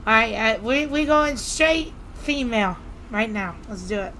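Excitable woman streamer. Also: fairly high pitch, measured pace, slight background noise. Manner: excitable, jumpy, giggly. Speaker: gaming streamer. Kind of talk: casual gameplay commentary. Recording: voice over loud game music.

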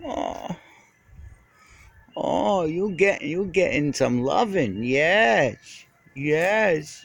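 Cooing husky man talking to a cat. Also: on the high side, expressive, very slow, fairly bright tone, dry recording. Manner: cooing baby talk to a cat. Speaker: cat owner filming a stray. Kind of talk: casual talk to a cat.

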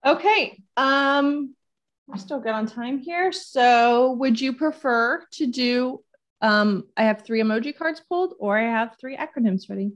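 In a muffled recording, a woman with a fairly high voice speaks at a measured pace as co-host of a relaxed chat show. Running a quiz, she reads game questions aloud, teases her partner, and tallies his answers playfully.

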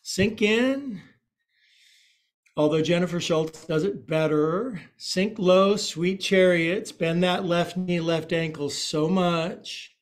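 A man's voice: high voice, takes it slowly. A man teaching a live yoga class, cueing poses with playful jokes and asides.

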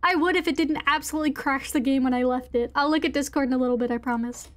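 A woman's voice: high-pitched, fairly even intonation, fast. A woman streamer chatting playfully with her viewers while playing a horror game. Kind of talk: casual gaming chat.

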